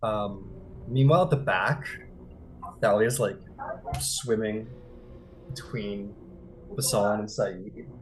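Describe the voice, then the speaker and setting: A man's voice: fairly low pitch, slow pace, pauses often, a little hiss or hum, poor audio. A man narrating a tabletop role-playing game as game master in a casual, filler-heavy manner. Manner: casual, lots of "um" and "like".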